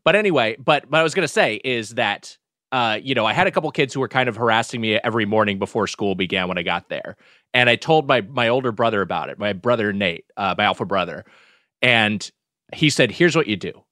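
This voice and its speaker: A man's voice: on the low side, brisk, pushed and bright, dry recording, studio quality. A man co-hosting a podcast, chatting casually and telling a rambling story that keeps correcting itself. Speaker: podcast co-host.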